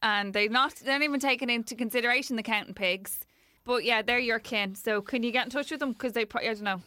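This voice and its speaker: A woman's voice: a little high, fast, bright, forceful tone, no echo, studio quality. A woman co-hosting a casual chat, teasing and asking playful questions. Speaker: podcast co-host.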